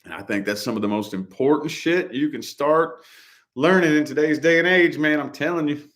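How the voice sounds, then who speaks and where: A man's voice: on the high side, normal speed, fairly bright tone. A middle-aged man hosting a casual chat, talking loosely and repeating himself, full of dude and man. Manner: loose, repetitive, slangy, says dude and man. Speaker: podcast co-host.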